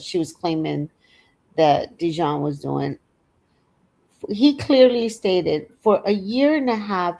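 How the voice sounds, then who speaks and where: A woman on a panel giving measured commentary, pausing on fillers. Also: lowish voice, warm tone. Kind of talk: casual opinionated commentary.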